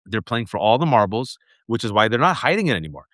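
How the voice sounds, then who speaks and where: A man's voice: on the low side, big pitch swings, fast talker, fairly bright tone, no room sound. Man ranting sarcastically in a dry room. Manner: sarcastic, mocking voices of opponents. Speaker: political commentator guest. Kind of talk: heated political rant.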